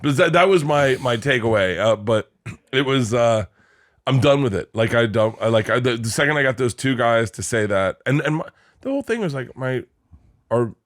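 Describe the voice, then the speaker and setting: A man's voice: medium pitch, animated, moderate pace. A middle-aged man co-hosting a podcast, telling a long casual story, cursing freely and laughing often. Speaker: podcast co-host. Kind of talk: casual chat.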